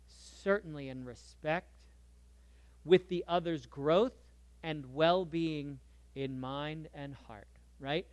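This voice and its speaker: A man preaching a sermon in a conversational way, moving between soft asides and lively emphasis. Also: on the high side, dry recording. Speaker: pastor.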